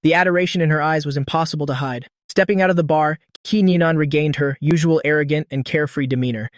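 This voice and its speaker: A man reading a scripted story narration in a steady, even storytelling manner. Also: a little high, fast talker, no room sound, clean studio sound.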